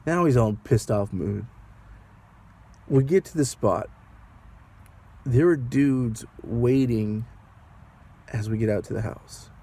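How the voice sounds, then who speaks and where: Male rideshare driver, vlog storyteller, mellow, rambly and nervous, rhetorical questions to camera. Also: medium pitch, takes it slowly, pauses often. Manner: rambling, anxious, asks the viewer rhetorical questions.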